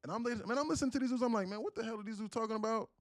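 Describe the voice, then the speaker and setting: A man voicing a loud, boastful young man with a Southern US accent who talks in street slang, drawling and brash. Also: very high-pitched, rapid-fire, no room sound, clean studio sound, voice pushed up. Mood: brash boasting.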